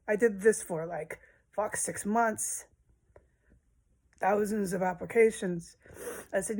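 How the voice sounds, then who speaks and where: A woman's voice: mid-range voice, fairly even intonation, normal speed. A woman talking straight to her viewers in a rambling personal monologue, emotional and swearing often. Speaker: vlogger.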